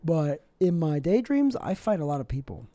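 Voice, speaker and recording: A young man delivering a rambling, deadpan comedic monologue with absurd asides, as a vlogger. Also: a little high, normal speed, no room sound.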